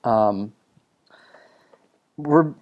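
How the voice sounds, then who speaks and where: A man from New Mexico talks to his podcast audience between songs, taking his time and filling gaps with ums and uhs. His tone is casual and self-amused, and his voice sits at an ordinary middle pitch. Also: drawn-out words, highs cut off. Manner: rambling, filler-heavy, self-amused. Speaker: music podcast host. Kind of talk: casual solo podcast talk.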